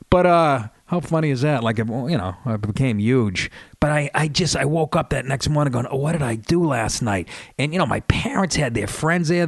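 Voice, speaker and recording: A man's voice: medium pitch, no room sound. A man, a comedian hosting a radio show, telling road stories in a rambling, profane way. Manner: profane, rambling, with restarts and laughs. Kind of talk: casual storytelling monologue. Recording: dry radio studio sound.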